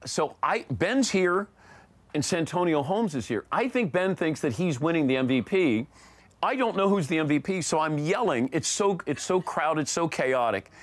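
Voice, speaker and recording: A middle-aged man telling an animated story as a sportscaster guest on a casual talk show. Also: on the high side, moderate pace, dry recording. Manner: animated storyteller acting out quotes.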